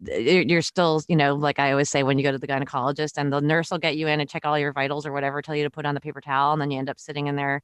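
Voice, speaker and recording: A woman's voice: low voice, flat delivery, racing, few pauses, clear, resonant tone, no echo. A woman co-hosting a podcast, chatting casually with wry, supportive remarks and frequent laughs. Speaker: podcast co-host. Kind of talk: casual chat.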